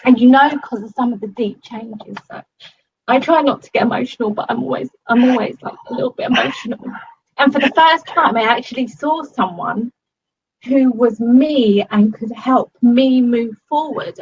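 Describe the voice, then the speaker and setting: A woman's voice: a little high, lo-fi sound, a little hiss or hum. A woman giving a casual testimonial to her coach, gushing and swearing often, with many fillers. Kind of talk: casual video-call testimonial.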